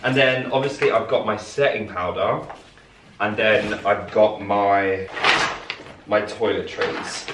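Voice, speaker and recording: A young man in a hotel room talking to camera in a casual travel vlog, gushing and excitable with lots of exclamations. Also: fairly low pitch, slow, noisy background. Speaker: travel vlogger. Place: seaside hotel room, indoors.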